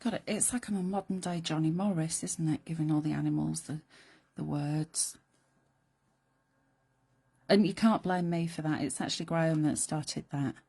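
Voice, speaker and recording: Husky, mellow woman demonstrating crafts. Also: deep voice, normal speed, long pauses. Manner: chatty and playful, drops to soft whispered asides while working. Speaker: crafting presenter. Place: craft studio.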